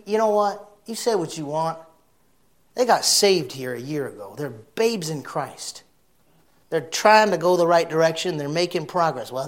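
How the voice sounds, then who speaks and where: Man, middle-aged pastor, sermon, fairly high voice, folksy, blunt, big loud-to-soft swings. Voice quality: folksy, blunt preacher talk. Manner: swings from loud shouting to soft, emotional storytelling.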